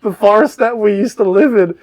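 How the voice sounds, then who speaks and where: A man's voice: brisk, a little mellow, lightly acted. A man voicing a pack of small, sly, mischievous male garden gnomes in a whiny, pleading put-on voice. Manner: high whiny pleading, stretched-out words.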